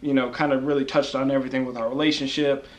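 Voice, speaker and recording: A man casually telling a story in a relaxed, easygoing way. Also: medium pitch, fast. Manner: relaxed, easygoing, full of fillers.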